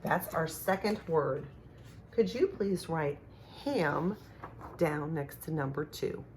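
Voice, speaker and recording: Slow, clear woman teaching phonics. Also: deep voice, animated, a little mellow, slight background noise. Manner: slow, clear, encouraging teacher talk with sound-outs. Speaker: kindergarten teacher. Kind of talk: remote phonics lesson for young children.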